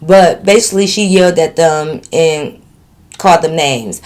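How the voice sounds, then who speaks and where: Woman vlogger, lowish voice, storytime reader with sassy teasing commentary. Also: measured pace, darkish tone. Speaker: channel host. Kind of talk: reading a viewer's story aloud with commentary.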